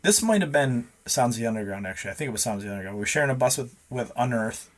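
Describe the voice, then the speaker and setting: A man's voice: mid-range voice, animated, racing. Swearing man telling a rambling story. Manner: rambling, heavy swearing, acts out dialogue. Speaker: podcast guest. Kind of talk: casual storytelling.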